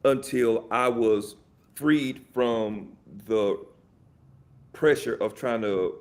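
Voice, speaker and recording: A man chatting as a podcast guest in an animated, rambling way, with many fillers and restarts. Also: mid-range voice, very slow. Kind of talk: casual chat.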